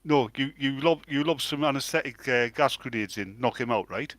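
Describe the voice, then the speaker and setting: A man cohosts a loose podcast chat, setting up jokes with a steady mid voice. His mic sounds dry and close, with no room around it. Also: medium pitch, moderate pace, no echo. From England. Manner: joking, builds up punchlines. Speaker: podcast co-host. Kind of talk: casual chat.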